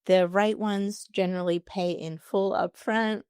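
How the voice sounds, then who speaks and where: A woman's voice: medium pitch, fairly even intonation, measured pace, a little mellow, clear, resonant tone, no echo, studio quality. A woman hosting a solo podcast, answering listener questions with upbeat, encouraging advice. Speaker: podcast host.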